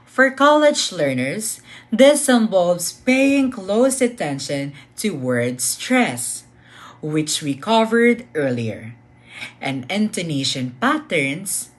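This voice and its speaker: A woman presenting the final strategy, reading with clear emphasis and pauses. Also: fairly low pitch, sing-song. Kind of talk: scripted lesson presentation.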